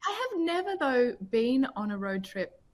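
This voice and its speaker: A woman from Australia with an Australian accent, an actress talking casually about her new film, chatty and quick to laugh. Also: high voice, big pitch swings. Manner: chatty, laughs often, warm praise of co-star. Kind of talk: casual promotional chat.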